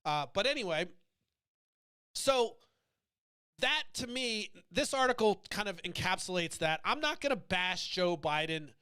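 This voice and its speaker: High, bright-voiced man ranting bluntly. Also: animated, measured pace, clear, resonant tone. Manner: blunt, provocative, swearing freely, goes off on tangents. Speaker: podcast host. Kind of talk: profane political rant.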